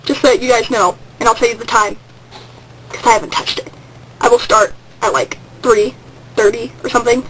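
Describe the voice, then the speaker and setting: A woman's voice: fairly high pitch, steady tone, brisk, a bit bright, slight background noise, rough recording. A teenage girl telling a rambling story on a home webcam vlog, hyper and jumping into sudden squeals. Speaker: vlogger. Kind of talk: casual excited vlog storytelling.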